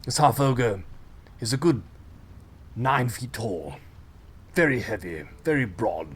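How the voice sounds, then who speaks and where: A man's voice: mid-range voice, slightly rough. Man narrating a fantasy fight dramatically. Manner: dramatic, swearing, with sound effects. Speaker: game master. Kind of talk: narrating a tabletop game.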